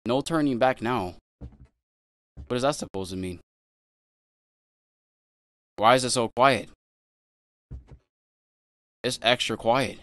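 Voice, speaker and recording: A man's voice: mid-range voice, takes it slowly, pauses often, a bit bright. A young man commenting as he plays a horror game, thinking aloud, talking to his viewers and yelping when startled. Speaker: gaming channel host. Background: game music.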